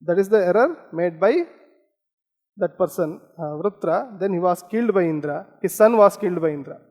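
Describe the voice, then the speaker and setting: A man from India delivers an academic lecture in a fairly high voice. He explains patiently and often stops on "okay" and "uh" fillers. His voice carries a long reverb, as if recorded in a lecture hall. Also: lively intonation, normal speed, a little mellow.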